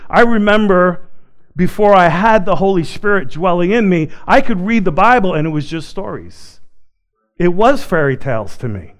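A man preaching a sermon, swinging between loud, excited passages and quiet, hushed ones. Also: on the high side. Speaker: pastor.

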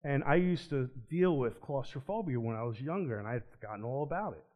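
Man sharing his faith story, earnest, animated then hushed, muffled lo-fi recording. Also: medium pitch, quick pace. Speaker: ministry speaker. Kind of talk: personal testimony. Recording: dull lo-fi recording.

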